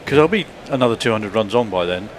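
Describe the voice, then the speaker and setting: A male cricket pundit offering measured, thoughtful analysis in a relaxed chat. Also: fairly low pitch, slight background noise.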